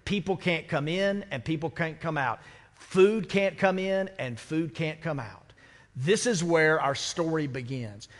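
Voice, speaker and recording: A man preaching a sermon as pastor, conversational and full of rhetorical questions. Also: fairly high pitch. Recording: church sanctuary with long reverb.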